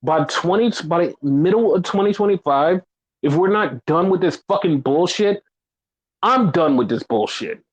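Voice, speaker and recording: A man's voice: sits high, animated, normal speed, dull audio. Exasperated profane man ranting. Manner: exasperated, profane, mocking fans in quoted voices. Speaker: podcast co-host. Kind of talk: profane ranting wrestling podcast chat.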